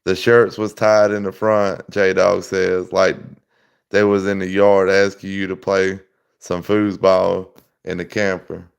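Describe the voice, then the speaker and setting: His low-pitched voice is creaky yet clear and resonant, delivered flatly and slowly. He's a livestream host telling rambling, over-the-top stories full of laughter in casual chat.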